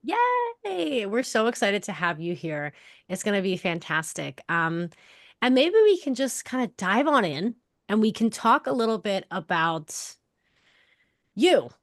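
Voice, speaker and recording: A woman's voice: mid-range voice, expressive, a little slow, no echo, studio quality. A woman hosting a podcast, bubbly and enthusiastic, chatting casually and laughing often. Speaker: podcast host. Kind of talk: casual interview chat.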